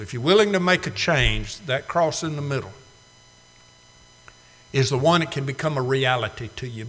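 A man preaching a sermon, swinging from loud to hushed, with slow emphatic phrasing. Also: a little high. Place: church sanctuary. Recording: long hall reverb.

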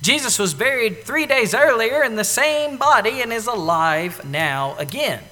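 A man preaching a sermon in an animated way, acting out the lines he quotes, now loud and now soft. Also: very high voice, a little slow, long reverb tail. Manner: animated, acts out quoted lines with big swings in loudness.

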